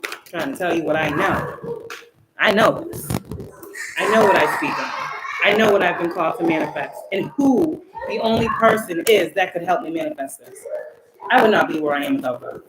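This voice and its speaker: A woman's voice: lowish voice, lively intonation, moderate pace. Emphatic woman preaching in an echoey room. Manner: emphatic, preachy, swings between loud outbursts and soft asides, swears. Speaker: tarot reader and spiritual channeler. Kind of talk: casual spiritual tarot reading to camera. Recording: echoey room with background noise.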